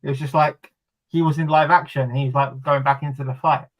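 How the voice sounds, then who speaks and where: A man's voice: mid-range voice, flat delivery, a little fast, rough recording. Chatty man hosting a podcast. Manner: chatty, laughs often. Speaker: host. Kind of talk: casual chat.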